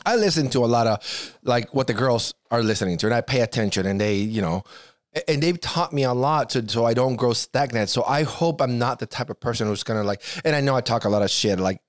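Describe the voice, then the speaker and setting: A man's voice: mid-range voice, expressive, fairly quick, dry recording, studio quality. A middle-aged man co-hosting a podcast, chatting casually in a rambling, profane way with many restarts. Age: around 50. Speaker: podcast co-host. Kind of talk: casual chat.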